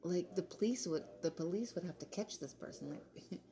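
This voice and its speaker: A young woman talks in a chatty commentary style. Her voice sits low and has a gravelly fry. The tone is dark and mellow, and she breaks into laughter often. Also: normal speed. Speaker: commentary vlogger. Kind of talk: casual commentary chat.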